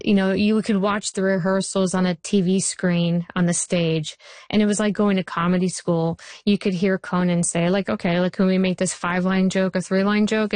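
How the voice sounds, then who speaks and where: A woman in her forties, a TV writer being interviewed, who tells stories in an animated way and acts out the quotes. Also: medium pitch, no room sound. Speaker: TV writer and showrunner. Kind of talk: interview guest.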